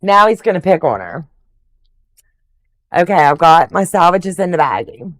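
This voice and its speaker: A woman's voice: on the low side, very animated, moderate pace, no echo. An older woman hosting a quilting livestream, chatting casually and gushing affectionately over viewers' comments.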